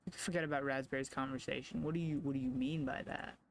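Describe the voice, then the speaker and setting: A male streamer reading a story game's text aloud and reacting with quick asides. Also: mid-range voice, steady tone, vocal fry, slight background noise. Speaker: game streamer.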